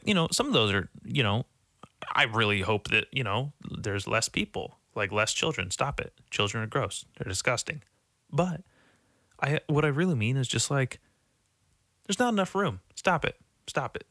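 A young man talking casually to the camera in a rambling, profane, self-mocking way, jumping from topic to topic and now and then mocking panicked voices in a high squeak. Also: a bit bright, dry recording, clean studio sound. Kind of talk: casual vlog monologue.

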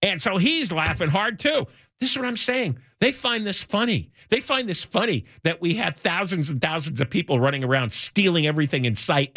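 Middle-aged male radio host, bright high voice with big swings in pitch, sarcastic and indignant, dry close mic. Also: dry recording. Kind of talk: opinionated talk radio monologue.

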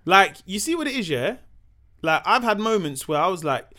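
Man, slangy storyteller, high bright voice, animated pitch, does voices. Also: moderate pace. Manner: slangy, acts out voices in his stories. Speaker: comedian guest. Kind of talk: animated anecdote telling on a podcast.

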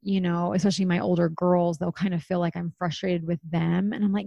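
A woman's voice: fairly low pitch, little pitch movement, fairly quick, gravelly, hardly any pauses, dark tone, no echo, lo-fi sound. A woman in her thirties hosting a podcast, talking candidly and chattily, swearing now and then. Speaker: podcast host. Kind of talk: casual chat.

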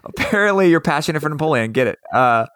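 A man's voice: a little high, expressive, quick pace, fairly bright tone, slight background noise. A man hosting a podcast in a casual, laid-back way, running a trivia round and chatting with guests. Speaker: podcast host.

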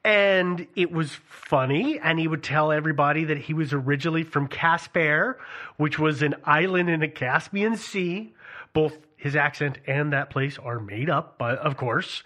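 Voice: medium pitch, moderate pace, sharp tone. A podcast host talking casually, telling a story with frequent fillers and restarts. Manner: hesitant, many restarts and fillers.

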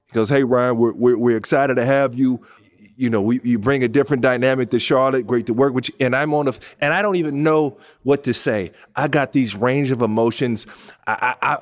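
A man in his thirties from Pasadena telling a personal story to his listeners as host. He talks in an animated way, jumping up high when excited and dropping low and quiet when moved. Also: normal speed. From Pasadena, California. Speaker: podcast host and former NBA player.

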